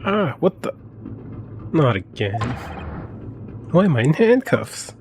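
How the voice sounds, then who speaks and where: A man's voice: fairly high pitch, big pitch swings, slow pace, background noise, pitched above the performer's own voice. A man voicing a flustered young man, panicky and exclaiming. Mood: panicked. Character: flustered young male law student hero.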